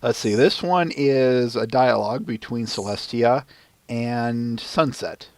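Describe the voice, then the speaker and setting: A man's voice: mid-range voice, slow, darkish tone, dry recording. A man hosting a casual podcast chat, searching for words as he talks. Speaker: podcast host.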